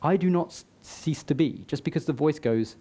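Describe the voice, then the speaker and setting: A man's voice: on the high side, normal speed, mellow. A man giving a motivational talk to a live audience, conversational, with joking asides to the crowd. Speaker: summit speaker. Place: live event before an audience.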